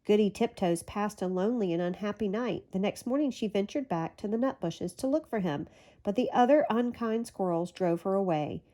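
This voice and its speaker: A woman's voice: mid-range voice, normal speed, warm tone. Woman reading a children's storybook aloud. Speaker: storybook reader.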